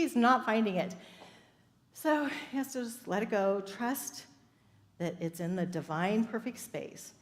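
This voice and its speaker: A woman's voice: medium pitch, lively intonation, measured pace. A woman minister giving an upbeat sermon, telling stories and laughing often. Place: church sanctuary. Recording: echoey hall with faint ambience.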